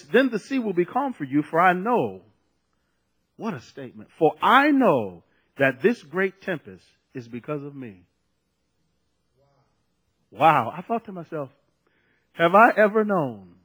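High-voiced pastor preaching. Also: male voice, slightly rough. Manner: animated preaching with laughter and repeated phrases. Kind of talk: sermon.

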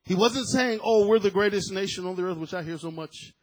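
Preacher, male, husky and high, fervent delivery with emphatic repeats. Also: brisk, rough recording. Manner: fervent, emphatic, repeats words when moved. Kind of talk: sermon.

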